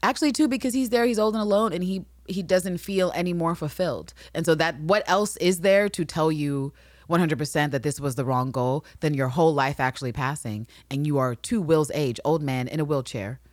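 A woman's voice: sits low, brisk, darkish tone, no echo, studio quality. A woman co-hosting a casual recap podcast, acting out characters with big swings in her voice. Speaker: podcast co-host.

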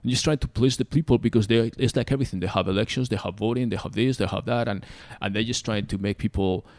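A man's voice: on the low side, steady tone, fast, a little mellow, no room sound. Rambling, ranting man with a dry sound. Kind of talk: casual podcast chat.

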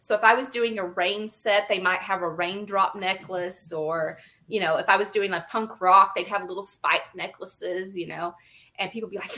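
Bright, lively woman telling funny stories. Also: medium pitch, normal speed. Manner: laughing, animated, acts out quoted people. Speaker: guest, animal photographer. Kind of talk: casual conversational storytelling.

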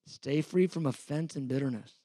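A man's voice: on the high side, normal speed, warm tone, dry recording. A middle-aged man, preaching a sermon in an earnest, conversational way with repeated phrases. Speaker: pastor teaching a sermon.

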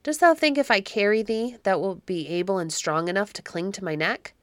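A woman voicing a loyal, strong male servant who speaks gently in old-fashioned words. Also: medium pitch, fairly quick, no room sound, natural voice. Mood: gentle.

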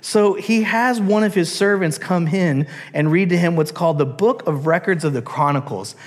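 A man's voice: high voice, normal speed. A man preaching a sermon as a pastor, telling a story animatedly and acting out its characters. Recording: long church hall reverb.

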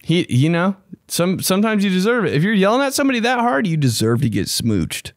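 A young male podcast host chatting on his own in a loose, profane way. His voice swings high and low, and it sounds close and dry with no room around it. He talks like he is ranting to a friend. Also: a little fast, no room sound. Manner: loose, profane and animated, with sudden jumps in pitch. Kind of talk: casual solo podcast chat.

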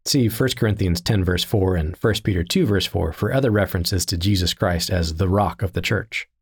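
A man giving a scripted teaching narration in a measured, deliberate reading style. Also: low voice, husky.

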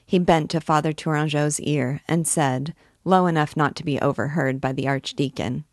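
A woman teacher reading a classic novel aloud in a measured way, stopping now and then to explain words. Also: deep voice, steady tone, darkish tone, no room sound, clean studio sound. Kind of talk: book reading with commentary.

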